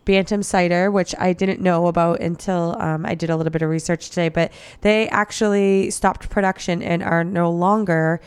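Smooth-voiced female radio co-host. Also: fairly low pitch, steady tone, moderate pace, hardly any pauses, dry recording. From New England. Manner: chatty, easily laughing, some fillers. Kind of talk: casual radio chat and promo read. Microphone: studio mic.

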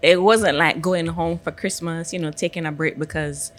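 A woman's voice: sits low, steady tone, moderate pace. A young adult woman co-hosting a podcast, laid-back and wry in casual chat, often murmuring agreement. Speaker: podcast co-host.

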